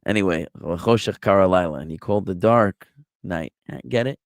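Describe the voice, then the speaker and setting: Guy rabbi walking a class thru hebrew grammar, patient, low voice, dry sound. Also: fairly quick, no room sound. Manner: patient, explains step by step, self-deprecating jokes. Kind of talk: online Bible language lesson.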